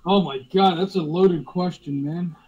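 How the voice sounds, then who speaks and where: Casting note: young male co-host, high voice, playful and jokey. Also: unhurried, a little mellow, lo-fi sound. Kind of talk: casual group chat.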